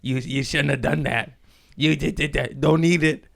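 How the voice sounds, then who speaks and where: A man's voice: a little high, steady tone, moderate pace, vocal fry, a bit bright, pitched above the performer's own voice. A man voicing a listener's scolding male inner voice, cursing and getting whinier as it goes. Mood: berating. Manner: profane, rising, whiny self-berating.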